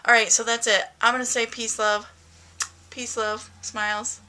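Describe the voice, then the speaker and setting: At a moderate pace and level tone, a woman with a slightly high, pushed and bright voice records a casual video diary in her bedroom at home. She's candid and chatty about her day and talks sing-song to her cat.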